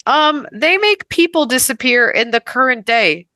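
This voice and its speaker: A woman with a bright, sharp voice jokes and swears bluntly as a podcast co-host. The sound is dry and close, with no room echo. She talks in a casual, offhand way. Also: high voice, expressive, measured pace. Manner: blunt, profane, joking.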